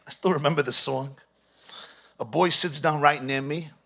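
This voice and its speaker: A rabbi preaches in with a lilt, his voice gravelly and pitched a little high for a man. He tells his stories in a soft, close hush, then rises to loud, fervent peaks. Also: fairly even intonation, moderate pace. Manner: storytelling, swings from hushed to impassioned. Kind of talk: sermon.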